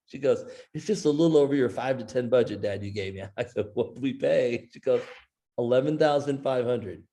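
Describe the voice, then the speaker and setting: A man's voice: mid-range voice, a little fast. A middle-aged man from Iowa, a guest author telling a long anecdote in an interview and quoting the people in it. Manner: animated anecdote teller, quoting others in his own voice. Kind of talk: storytelling in an interview.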